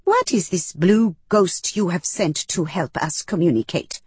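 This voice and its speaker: A woman voicing a demanding, higher-pitched alien creature with sharp, insistent questioning. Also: unhurried, slightly rough, no echo.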